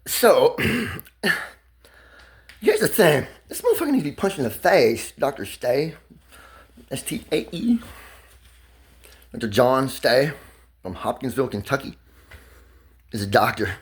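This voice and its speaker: A man in his twenties talking in a rambling, pressured rush, swerving between laughter, near tears and shouting, loud and swearing often. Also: medium pitch, slow, long pauses. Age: 20s. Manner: loud and expressive, heavy swearing. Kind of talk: emotional monologue to camera.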